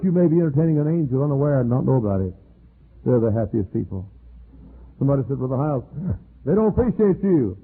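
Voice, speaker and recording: An older man preaching a sermon as pastor, telling folksy stories and jumping high in pitch when he acts out other people's words, on an old archival tape. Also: breathy edge, phone-quality sound. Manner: folksy storytelling preacher, acts out quoted voices with sudden high pitch jumps.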